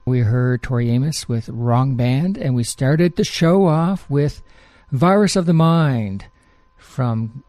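A man's voice: medium pitch, mellow, no room sound. A man hosting a music radio show, chatting casually between songs in a rambling way with frequent fillers.

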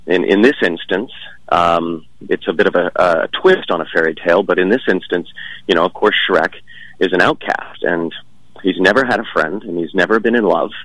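A man's voice: low-pitched, moderate pace, fairly bright tone, no echo, poor audio. A man being interviewed about his stage work, speaking casually with many fillers and restarts.

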